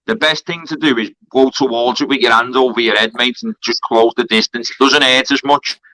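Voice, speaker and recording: A man's voice: mid-range voice, steady tone, brisk, sharp tone, no echo, low-quality recording. A man, a fighter on a charity card, trash-talking heatedly on a live stream from a kebab shop. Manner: aggressive, swearing trash talk.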